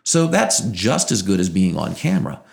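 A man with a low voice and a gravelly, fry-edged texture. He tells stories in a relaxed interview, acting out the lines of the people in them. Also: normal speed. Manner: lively anecdotes, acting out quoted dialogue. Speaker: guest, former TV news producer now in radio. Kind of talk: casual interview storytelling.

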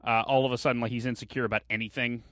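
A man's voice: medium pitch, flat delivery, rapid-fire, a bit bright, dry recording. A man co-hosting a casual podcast, joking, teasing and swearing freely. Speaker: co-host.

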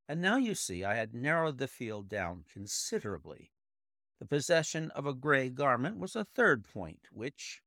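A man voicing a brilliant, precise male detective explaining his deductions in a measured way. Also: lowish voice, a bit bright, no echo, studio quality, full character voice.

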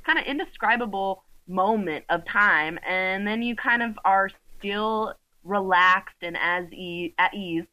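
A woman's voice: fairly low pitch, bright, forceful tone, low-quality recording. A woman who is a podcast guest in casual chat, speaking frankly and with enthusiasm as she gives advice.

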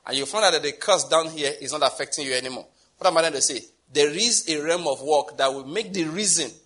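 A Nigerian man preaching in a loose, conversational way, circling back on his phrases and chuckling as he goes. His voice sits a little high for a man, with a forceful, bright edge and a husky grain. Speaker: pastor. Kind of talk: sermon.

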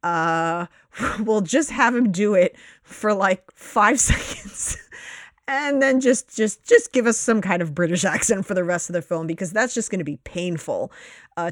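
A woman co-hosting a casual movie review chat, animated and swearing, her voice jumping up when she makes a point. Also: dry recording, clean studio sound. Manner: animated, swearing, jumps in pitch when emphatic. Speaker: podcast co-host.

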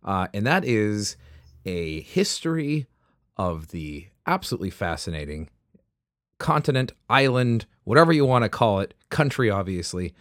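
A man's voice: on the low side, sing-song, normal speed, no echo. A man co-hosting a history podcast, speaking with dry humor and playful formal phrasing. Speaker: podcast co-host. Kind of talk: casual podcast chat.

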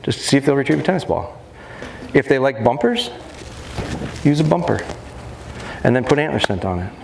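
A dog trainer holds forth at a live seminar in a large expo hall, his voice ringing off the walls. He talks in a lively, joking way and sometimes mimics a high, coaxing baby-talk voice to his dogs. A faint hiss sits under the sound. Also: moderate pace, vocal fry. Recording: echoey hall with faint noise.

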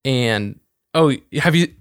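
Playful podcast man, lively voice. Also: medium pitch, slow pace, clear, resonant tone, dry recording, clean studio sound. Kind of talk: casual chat.

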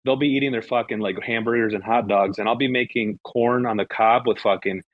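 A man chatting casually in an online group call. He is brash and emphatic and swears freely. His pitch sits at a middle level. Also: fairly even intonation, brisk, no echo, highs cut off. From Mexican family background. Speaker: guest. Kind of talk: casual chat.

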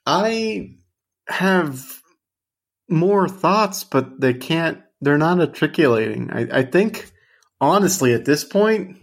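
A man's voice: fairly high pitch, lively intonation, takes it slowly, gravelly. A man co-hosting a podcast, bantering casually with wry, profane humor. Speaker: podcast co-host.

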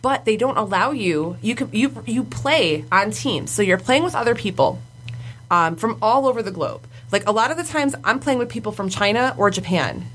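A woman co-hosting a podcast in casual, chatty talk, blunt and quick to laugh. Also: medium pitch, lively intonation, a bit bright, slight background noise. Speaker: podcast co-host. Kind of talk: casual chat.

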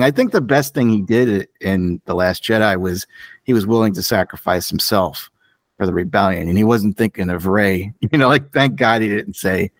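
Opinionated man with a low voice. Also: no room sound. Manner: animated, opinionated, voice jumps up for emphasis. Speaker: podcast co-host. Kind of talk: casual chat.

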